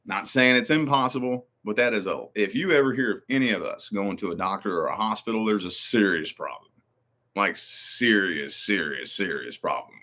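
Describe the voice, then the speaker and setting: Profane, rambling man chatting casually. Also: fairly low pitch. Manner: rambling, profane, animated storytelling. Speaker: channel host. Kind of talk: casual livestream chat.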